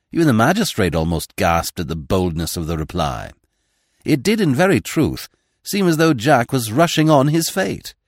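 A man's voice: low voice, dry recording, studio quality. A man giving a dramatic scripted reading of a classic mystery novel. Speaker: audiobook narrator. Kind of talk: scripted narration.

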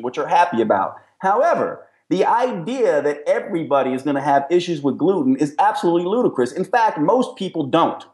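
A man's voice: a little high, a little mellow, reverberant. A middle-aged man, a nutrition expert and podcast guest, explaining his views in an emphatic, explanatory way. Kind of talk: podcast interview.

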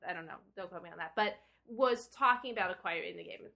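A woman's voice: medium pitch, quick pace, pushed and bright. A woman game designer, a guest in a casual interview, telling stories in a rambling, self-deprecating way with many fillers.

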